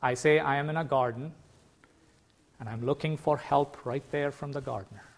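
A man preaching a sermon, earnest and emphatic, slowing down to stress key words. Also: medium pitch, fairly even intonation, creaky.

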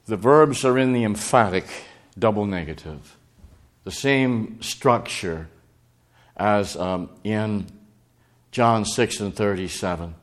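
A man preaching a sermon, earnest, quoting scripture and swinging between raised and hushed passages. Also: fairly low pitch.

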